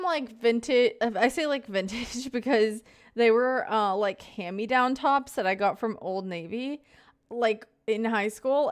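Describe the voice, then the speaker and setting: A woman's voice: on the high side, clear, resonant tone. A young woman in her twenties chatting casually on a live stream, greeting viewers by name and rambling through stories.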